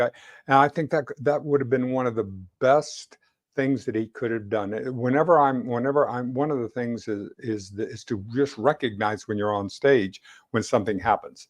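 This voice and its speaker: A mid-pitched male host chatting about politics, stumbling over his words and restarting sentences. His voice sits right in the middle, neither high nor low. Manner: halting, many restarts and stammers. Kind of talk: casual political chat.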